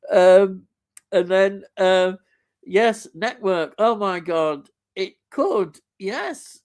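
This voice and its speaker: A man's voice: a little high, slow pace, a little mellow. A middle-aged man chatting casually on a live stream, rambling enthusiastically with many fillers and restarts as he reads out viewer comments.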